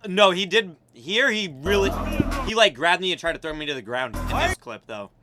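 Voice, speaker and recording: A man's voice: sits high, expressive, normal speed, music in the background. A young American man streaming, chatting casually and reacting with loose slang, frequent swearing and laughs. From United States.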